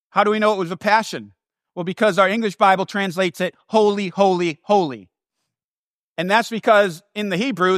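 High-pitched, emphatic male preacher. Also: no echo, clean studio sound. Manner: animated, emphatic, repeats words for stress; casual asides and restarts. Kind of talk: sermon.

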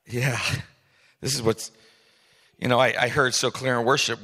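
A man preaching a sermon as pastor, swinging from soft asides to loud emphatic peaks. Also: medium pitch, fairly even intonation, moderate pace, pauses often, breathy edge, big-room sound.

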